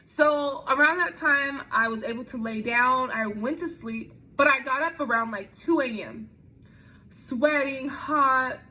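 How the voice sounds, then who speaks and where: A woman's voice: high-pitched, a little slow, pushed and bright. A young woman telling a personal story in a conversational way, with frequent fillers and restarts. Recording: dull lo-fi recording.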